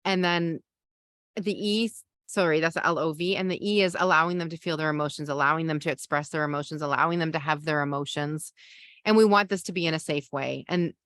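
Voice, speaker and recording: A middle-aged woman with a fairly low voice teaches parents in a calm, gentle coaching tone. She takes slow pauses and lets out soft sighs between points. Her voice is close and dry, with no room sound. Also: no room sound. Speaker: parenting podcast host.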